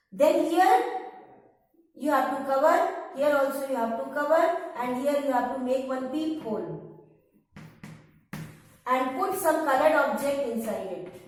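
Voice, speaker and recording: A woman teaching a science class, explaining step by step and repeating key points patiently. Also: sits high. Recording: echoey room, far from the mic.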